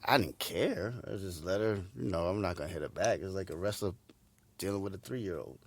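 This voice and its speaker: A man in his forties co-hosting a podcast in casual chat, animated and quick to joke. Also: low-pitched. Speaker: podcast co-host.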